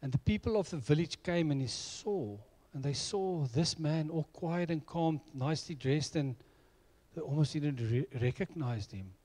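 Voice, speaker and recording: A man's voice: fairly high pitch, animated, normal speed, mellow. A middle-aged man preaching a sermon, telling personal stories in an earnest way. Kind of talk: sermon with storytelling.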